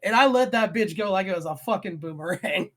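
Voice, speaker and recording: A man's voice: sits high, animated, a little fast, a bit bright. Profane man telling a kitchen story. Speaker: podcast co-host, former chef. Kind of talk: casual chat.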